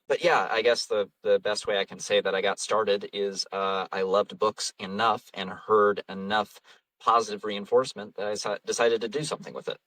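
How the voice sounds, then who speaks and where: A man's voice: fairly low pitch, pushed and bright, no room sound, distant mic, low-quality recording. A man, an audiobook narrator and voice actor, chatting casually in an interview, rambling and self-deprecating, laughing often. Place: home vocal booth.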